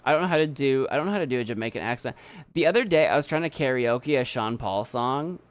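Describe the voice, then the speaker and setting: Lively, self-doubting young male streamer. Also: mid-range voice, fast, clear, resonant tone, no room sound. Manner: rambling, self-doubting, repeats himself. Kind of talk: casual live-stream chat. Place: home desk setup.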